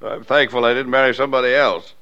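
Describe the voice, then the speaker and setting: A man playing an affectionate middle-aged father in a 1950s radio drama, gently teasing. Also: mid-range voice, fairly even intonation, fast, lightly acted. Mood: fond. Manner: fond, teasing. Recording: dull lo-fi old radio recording.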